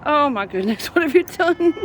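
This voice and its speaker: Out on the street with her cat on a leash, a vlogger keeps up laughing, affectionate, casual talk to coax it along. She has a high voice, sounds animated and speaks at a normal speed, with faint traffic noise behind her.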